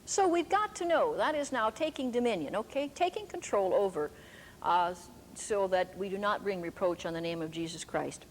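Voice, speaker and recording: A woman's voice: medium pitch, animated, moderate pace. Older woman preaching in an echoey hall. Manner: emphatic storytelling. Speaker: preacher and teacher. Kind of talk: sermon. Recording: echoey hall with faint background noise.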